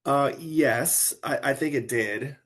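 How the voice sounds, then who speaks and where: A man's voice: medium pitch, slow pace, fairly bright tone. A middle-aged man who is a podcast guest, speaking in an earnest, reflective way with frequent "like" and "right?". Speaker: guest, retired military officer. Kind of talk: podcast conversation.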